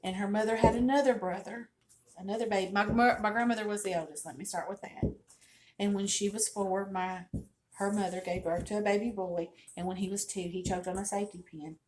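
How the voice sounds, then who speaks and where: A woman's voice: mid-range voice, steady tone, a little fast, a little mellow, a little hiss or hum. A middle-aged woman with a Southern US accent hosts a casual home cooking demonstration, talking in a folksy, chatty, storytelling way from her kitchen. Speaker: cooking channel host.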